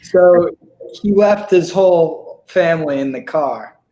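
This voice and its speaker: A man, an improv player, asking questions in a slow, unsure way. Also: a little high, dark tone, roomy sound, low-quality recording.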